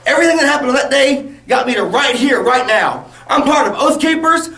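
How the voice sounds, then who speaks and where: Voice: sits high, expressive, fairly quick, pushed and bright. A protester gives an outraged, repetitive, emphatic public speech. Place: public gathering. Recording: echoey, from far off, with music and crowd.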